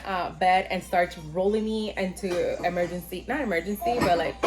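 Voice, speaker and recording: A woman's voice: medium pitch, fairly quick, over music. A woman telling a casual storytime vlog. She talks animatedly, swears freely and acts out what other people said. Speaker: vlogger telling her birth story.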